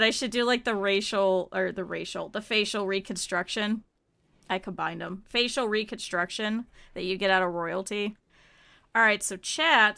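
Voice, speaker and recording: A woman streamer with a slight lisp, chatting casually and excitedly with viewers while playing a game. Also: fairly high pitch, gravelly. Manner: chatty and animated, often laughing. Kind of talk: casual gameplay chat with viewers.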